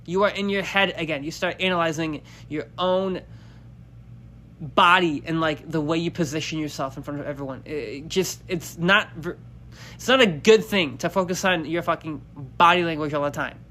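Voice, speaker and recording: Profane, high-voiced man hosting a podcast. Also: pushed and bright. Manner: blunt, profane, emphatic, swings pitch up and down. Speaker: podcast host. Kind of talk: solo podcast monologue.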